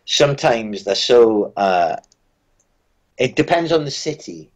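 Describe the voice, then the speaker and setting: A British musician guest in a casual interview, telling dry, wry anecdotes with frequent restarts. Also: male voice, medium pitch, big pitch swings, slow, rough recording. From Britain.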